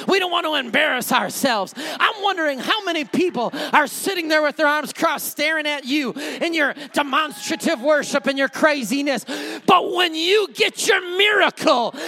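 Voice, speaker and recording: A man, a pastor, preaching a fervent sermon and often shouting. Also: extremely high pitch, creaky.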